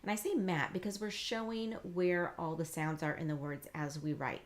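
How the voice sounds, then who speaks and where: A woman teacher with a lowish voice explains phonics patiently and encouragingly. She slows down to sound out each letter with care and keeps a steady instructional tone. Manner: slow, exaggerated modeling of letter sounds. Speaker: reading teacher. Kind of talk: instructional demonstration.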